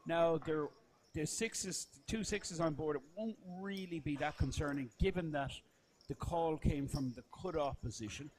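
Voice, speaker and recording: A man commentating live poker, calmly breaking down each hand. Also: fairly high pitch, a little slow. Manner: analytical, explains the hand play.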